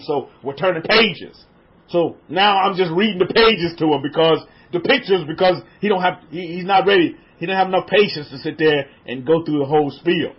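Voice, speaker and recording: Male religious teacher, high pitch, gentle questioning delivery with hushed drops, muffled lo-fi audio. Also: slightly rough. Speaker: religious teacher leading an online class. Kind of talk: interactive spiritual teaching.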